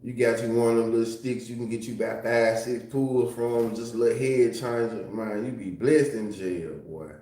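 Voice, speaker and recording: A man's voice: mid-range voice, fairly even intonation, normal speed, hardly any pauses, dark tone. A man chatting casually on a livestream, loose and profane, reading chat and laughing often. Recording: very echoey room.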